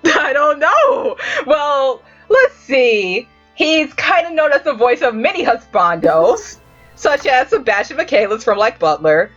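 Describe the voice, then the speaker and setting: Hosting a casual anime review podcast, a woman with a high voice speaks slowly, and the recording is muffled with soft music in the background. She tells stories animatedly, swearing and laughing often.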